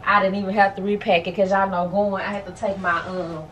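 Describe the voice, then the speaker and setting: A woman's voice: mid-range voice, flat delivery, fairly quick. A woman vlogging at home in casual chat to her viewers, exclaiming and slangy, a bit out of breath. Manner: chatty, exclaims, talks straight to viewers with slang. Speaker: lifestyle vlogger. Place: at home, bedroom.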